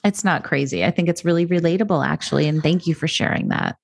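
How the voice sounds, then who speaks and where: Woman host, low voice, sympathetic, brief replies. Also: fast talker, vocal fry, slightly rough, no echo. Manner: sympathetic listener, short affirmations. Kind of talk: casual podcast conversation.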